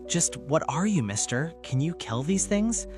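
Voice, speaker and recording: A man's voice: a little high, big pitch swings, unhurried, music in the background, pitched above the performer's own voice. A man voicing a brave young woman with urgent questions. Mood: wary.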